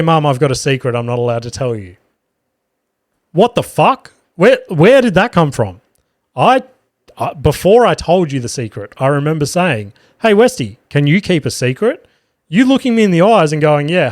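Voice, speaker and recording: A man's voice: fairly high pitch, no echo, clean studio sound. A man with an Australian accent hosting a podcast, telling a casual anecdote and swearing as he quotes people. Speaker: podcast host. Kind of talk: casual storytelling. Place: podcast studio.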